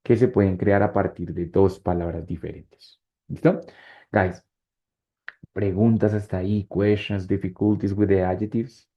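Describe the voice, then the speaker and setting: A man's voice: deep voice, fairly even intonation, normal speed, dull audio. A man teaching English whose first language is Spanish, switching between the two languages and often checking if students follow. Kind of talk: online class explanation.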